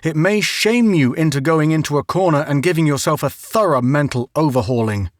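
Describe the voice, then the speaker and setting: A man's voice: a little high, a little fast, dry recording, close to an everyday voice. A stern, middle-aged scientist father scolds with biting sarcasm, as a male reader plays him. The voice stays close to the reader's own, slightly above the usual for a man. The recording is dry and close. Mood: scolding.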